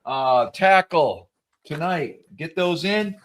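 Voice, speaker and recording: A man's voice: fairly high pitch, expressive, slow pace. A man hosting a live fishing stream, chatting casually and joking about himself with his co-hosts. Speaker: host.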